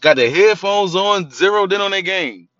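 Animated, bright-voiced man chatting. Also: moderate pace, dry recording, lo-fi sound. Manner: animated storyteller, acts out quotes in a high voice. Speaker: podcast co-host. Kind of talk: casual chat.

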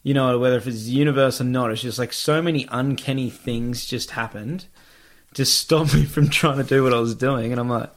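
A man's voice: medium pitch, fairly even intonation, a little fast. Young aussie man, easygoing podcast storyteller, swears a lot. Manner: laid-back, swears freely, lots of fillers. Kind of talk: casual storytelling chat.

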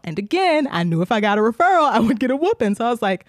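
A woman co-hosting a podcast, with a voice of middle height. She tells her stories in a lively way, putting on the voices of the people in them and laughing as she goes. The sound is dry and close. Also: mid-range voice, rapid-fire, few pauses, no echo. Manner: animated storyteller, acts out quoted voices, laughs often. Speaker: podcast co-host. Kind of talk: casual chat.

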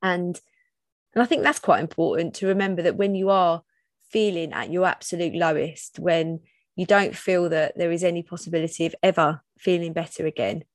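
A woman in her thirties hosts her own podcast in a solo monologue, speaking openly and personally with frequent restarts. Her voice is lowish and moderately paced, recorded at studio quality with no echo.

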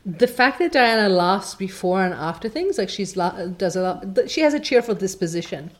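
A woman's voice: mid-range voice, sing-song, normal speed. A woman host who reads a novel aloud and chats about it in a casual, rambling way. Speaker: reader and podcast host.

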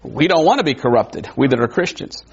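A man preaching a sermon in a conversational way, wondering aloud and adding quick asides. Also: mid-range voice, animated, gravelly. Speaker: pastor. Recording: dull lo-fi recording.

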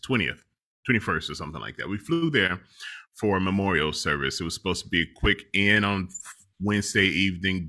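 A middle-aged man casually telling a long travel story, animated and laughing often as he talks. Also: sits low.

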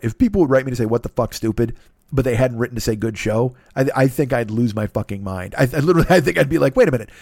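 Middle-aged guy rambling on his podcast, swears a ton, talks fast, dry close sound. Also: mid-range voice, a little mellow, no echo. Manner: rambling, profane, self-deprecating, quick asides. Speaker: podcast host. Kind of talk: profane solo podcast monologue.

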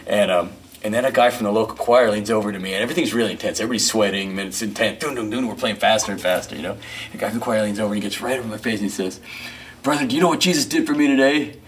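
Fast, low-voiced middle-aged man telling stories. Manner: rambling, filler-heavy, animated storyteller. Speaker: musician and record producer, guest. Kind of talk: casual storytelling interview. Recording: distant mic with faint noise.

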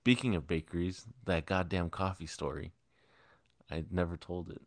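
A man with a very deep voice tells a story on a podcast in a loose, profane way, acting out the people he quotes. The sound is dry and close to the mic. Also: fairly even intonation, normal speed, no echo. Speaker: podcast co-host. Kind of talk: casual storytelling chat. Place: podcast studio.

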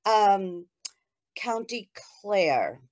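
A woman's voice: medium pitch, sing-song, extremely slow, a little mellow. A woman co-hosting an interview, telling a fond memory in a rambling, emotional way. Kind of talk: casual interview chat.

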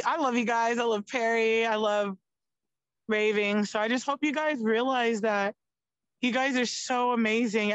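A woman's voice: on the high side, dry recording, dull audio. A young woman, a podcast guest, chatting casually and animatedly, with lots of "like" and free swearing. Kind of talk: casual chat.

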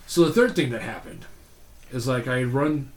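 A man's voice: mid-range voice, moderate pace. A middle-aged man, a podcast guest, telling rambling, profane stories in casual chat and laughing through them. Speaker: podcast guest, younger brother. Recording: roomy echo, faint hiss.

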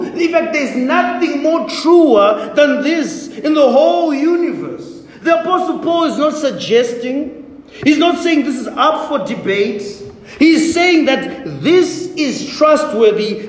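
A man preaching a sermon as pastor, with emphatic, repetitive declarations. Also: very high voice. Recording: echoey hall, faint ambience.

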